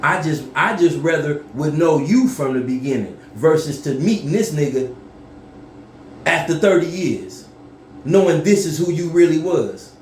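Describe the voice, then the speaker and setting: A man telling a story casually to camera, profane and animated, yelling when he acts things out. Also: fairly high pitch, a little slow, reverberant, slight background noise.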